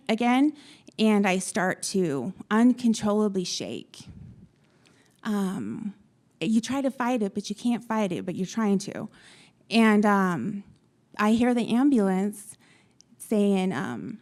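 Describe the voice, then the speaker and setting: Casual young woman on a panel, mid pitch, lots of um's, retelling what people said to her. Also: darkish tone. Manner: halting, many ums, retells dialogue. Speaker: melanoma patient on a panel. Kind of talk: personal story told to an audience.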